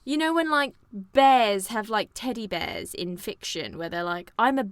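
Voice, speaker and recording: A woman co-hosting a film podcast, talking in an animated, rambling way with lots of fillers. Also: mid-range voice, unhurried, no echo. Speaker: podcast co-host. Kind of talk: casual chat.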